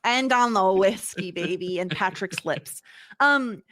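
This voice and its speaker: Woman co-host, casual chat, enthusiastic, very lively voice, dry sound. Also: medium pitch, measured pace, dry recording. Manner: gushing, enthusiastic. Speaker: podcast co-host.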